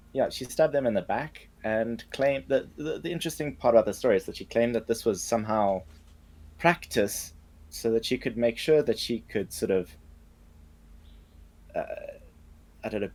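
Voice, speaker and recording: A man on a podcast recounting news stories in a casual, hesitant, halting way. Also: medium pitch, expressive, a little mellow. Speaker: podcast co-host presenting news.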